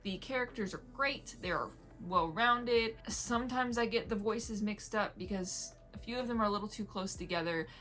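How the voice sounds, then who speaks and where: A woman's voice: medium pitch, moderate pace, hardly any pauses, fairly bright tone, soft background music. A woman reviewing an audiobook in a chatty, rambling way, laughing often and drifting into tangents. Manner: playful whispers when mimicking vampires. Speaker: book reviewer. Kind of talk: casual video review.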